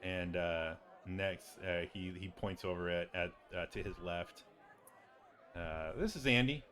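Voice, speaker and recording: A man narrating as game master of a tabletop game, casual and halting with many fillers. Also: deep voice, fairly bright tone, a little hiss or hum.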